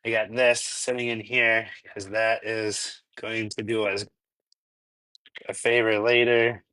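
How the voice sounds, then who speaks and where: A man's voice: fairly low pitch, little pitch movement, slow pace, pushed and bright, no echo, rough recording. A man from Minnesota hosting a casual live cooking stream from his home kitchen, chatty and rambling, laughing often and answering chat. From Minnesota, US Midwest. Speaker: cooking channel host.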